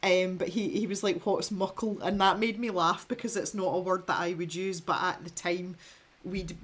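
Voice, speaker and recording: A Scottish woman with a mild accent hosting an art livestream, chatting casually and reading out viewer comments, with lots of laughter and rambling restarts. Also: lowish voice. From Scotland.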